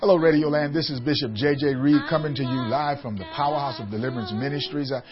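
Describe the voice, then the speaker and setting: Bishop preaching on muffled radio. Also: male voice, medium pitch, fast talker, faint music behind. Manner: rising to emphatic calls with repeated questions. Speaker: bishop and pastor. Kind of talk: radio sermon.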